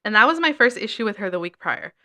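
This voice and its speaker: A young woman co-hosting a casual chat, telling a work story in a lively way and swearing often. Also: medium pitch, fast. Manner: animated storytelling with frequent swearing. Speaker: podcast co-host.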